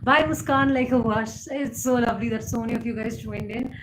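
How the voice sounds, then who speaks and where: A woman's voice: fairly high pitch, a little fast. A woman, hosting a casual live chat and answering viewer comments, full of fillers and easy laughs. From India. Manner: chatty, frequent fillers, laughs easily. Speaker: livestream host. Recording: echoey room with background noise.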